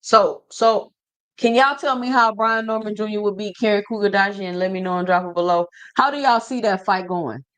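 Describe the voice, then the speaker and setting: A man's voice: high-pitched, fairly quick, fairly bright tone, clear, resonant tone. A man hosting a boxing livestream, talking casually and slangily straight to his chat and reading out viewer comments.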